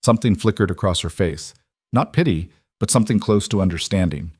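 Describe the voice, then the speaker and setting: Low-voiced man narrating a story. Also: expressive, fairly quick, darkish tone, slightly rough, no echo, clean studio sound. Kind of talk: scripted audiobook narration.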